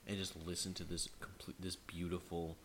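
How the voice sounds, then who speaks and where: A man with a very low voice co-hosts a podcast in loose, casual chat. He tells long, rambling stories full of fillers and restarts. A faint hiss sits under the recording. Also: little pitch movement, normal speed, a bit bright. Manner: rambling storyteller, many fillers. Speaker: podcast co-host.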